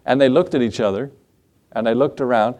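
A man's voice: mid-range voice, fairly quick, a little mellow. A male pastor preaching in church in a conversational way, quizzing the congregation and cracking jokes. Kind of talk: sermon.

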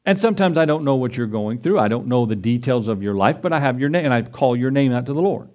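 Giving a sermon, a middle-aged pastor climbs to a high, urgent pitch while pressing his points, briefly acting out the voices of biblical figures. His delivery is animated and quick, with a slightly mellow quality.

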